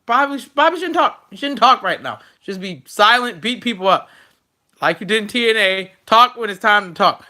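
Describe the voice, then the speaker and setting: A man's voice: sits high, animated, moderate pace, pushed and bright. A man recapping wrestling shows in a casual, sarcastic and exasperated rant. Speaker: wrestling show reviewer.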